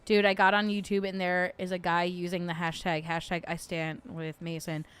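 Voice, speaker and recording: A woman's voice: fairly low pitch, flat delivery, normal speed, fairly bright tone, clear, resonant tone. A young adult woman hosting a casual livestream, chatty and playful, laughing often as she rants about food. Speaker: podcast host.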